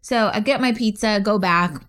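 A woman co-hosting a podcast, telling a story in an animated, exasperated way. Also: mid-range voice, moderate pace. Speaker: podcast co-host. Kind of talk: casual storytelling chat.

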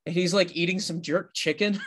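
A man's voice: sits high, steady tone, brisk, fairly bright tone. A man co-hosting a casual podcast chat, telling a story in a rambling, self-correcting way. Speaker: podcast co-host.

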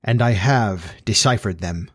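A man voicing a solemn elderly male professor who speaks quietly and gravely, with an even, metallic ring. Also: lowish voice, no room sound, studio quality. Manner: quiet, grave, slow and final.

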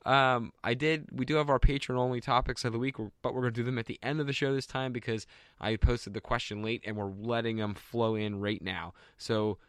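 A man's voice: medium pitch, fairly even intonation, brisk, a bit bright, clear, resonant tone, dry recording, studio quality. Jokey man hosting a podcast. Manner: jokey and upbeat. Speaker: podcast host. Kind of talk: casual podcast banter.

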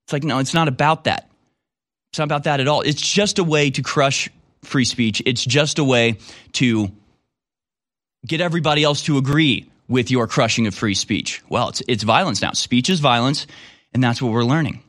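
A man's voice: mid-range voice, normal speed, fairly bright tone, no echo, studio quality. A man giving casual commentary on a clip in a sarcastic, emphatic way.

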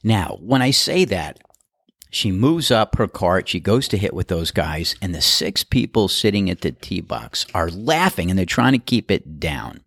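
A man with a lowish voice, who works as a golf course starter, tells a casual story and lively imitates the people in it. The sound is clean studio audio without any room sound.

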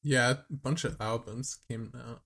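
A man's voice: mid-range voice, steady tone, a little slow, gravelly, fairly bright tone. A man co-hosting a podcast in casual chat, joking around. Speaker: podcast co-host.

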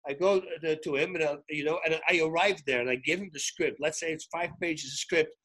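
A man, a retired fighter turned commentator, telling animated stories as a podcast guest and acting out the dialogue. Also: on the high side, brisk. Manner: excitable, acts out quoted dialogue, frequent restarts. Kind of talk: animated storytelling in casual chat.

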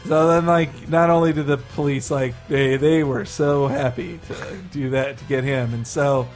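A man's voice: medium pitch, fairly even intonation, normal speed, soft background music. A man co-hosting a podcast, telling a rambling, profane anecdote in casual chat, laughing as he goes. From Florida. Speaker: podcast co-host.

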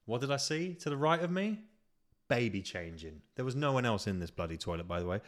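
British man, podcast host, sweary comic rant, exasperated, self-mocking, mid-pitched voice. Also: very animated, brisk. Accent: British English. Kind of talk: solo comedic rant. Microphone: podcast microphone.

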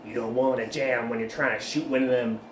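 A man's voice: mid-range voice, little pitch movement, brisk, lightly acted. A man playing an earnest survivor hunter. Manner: lecturing, repeats himself. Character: gun-proud male survivor hunter, earnest. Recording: roomy with background noise.

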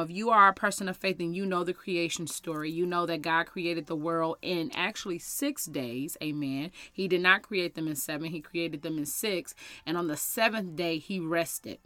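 Bright-toned earnest woman podcast minister. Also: on the low side, no echo. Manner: earnest, faith-filled, conversational with fillers and scripture quotes. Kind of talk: devotional podcast talk with scripture reading.

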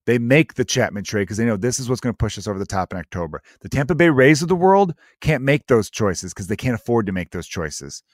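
A man hosting a solo sports podcast, rambling and opinionated, animated as he acts out other people's reactions. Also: mid-range voice, quick pace, few pauses, dry recording, clean studio sound. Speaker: podcast host.

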